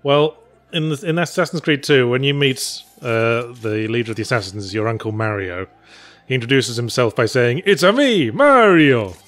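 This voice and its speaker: A man's voice: mid-range voice, moderate pace. Dry, sardonic man commentating a game. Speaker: let's play co-host. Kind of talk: casual gameplay commentary.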